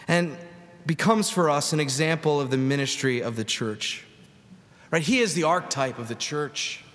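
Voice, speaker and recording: A man's voice: fairly high pitch, a bit bright. A man preaching a sermon as pastor, in a conversational style with rhetorical questions to the congregation. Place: large church sanctuary. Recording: long reverb of a church hall.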